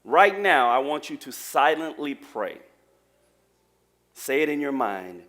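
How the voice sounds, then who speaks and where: A man preaching a lively sermon in a church, joking with the congregation. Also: medium pitch, slow, long pauses. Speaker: pastor.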